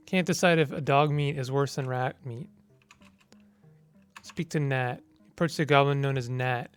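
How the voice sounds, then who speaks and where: A man's voice: medium pitch, normal speed, clear, resonant tone, soft background music. A man giving casual gameplay commentary, reading the game's text aloud and mumbling through menu choices. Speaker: gamer.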